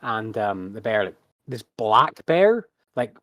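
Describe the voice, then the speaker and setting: A man narrating a tabletop game as game master, halting and full of fillers. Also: on the low side, very animated, fairly bright tone, dry recording.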